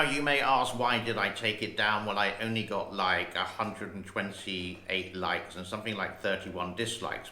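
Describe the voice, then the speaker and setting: A man in his sixties runs his own channel, reading headlines aloud and rambling in a slow, chatty way. His voice sits low, with a bright, forceful tone, and the recording carries a roomy echo.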